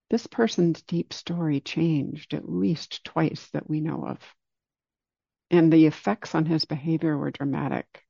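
In this dull, dry lo-fi clip, a meditation teacher gives a dharma talk, unhurriedly telling a story and easing his pace for emphasis. The man's voice sits on the higher side and has a creaky texture.

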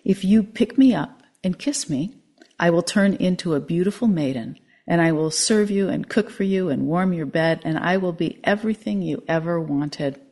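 A woman's voice: on the low side, moderate pace, darkish tone. A woman voicing a cursed talking frog as she tells a story, coaxing and pleading.

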